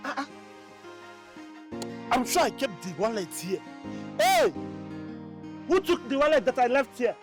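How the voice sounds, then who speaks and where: An actor playing an agitated man, shouting fast about a missing wallet from off-mic. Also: extremely high pitch, very animated, soft background music. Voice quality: shouting, rapid. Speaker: man hunting for a lost wallet. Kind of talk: film drama.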